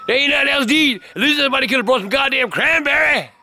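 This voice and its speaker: A man's voice: extremely high pitch, quick pace, sharp tone, slight background noise. An older man telling rambling stories full of cursing, snapping at his son whenever he interrupts. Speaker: grandfather telling family stories. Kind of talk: casual storytelling on camera.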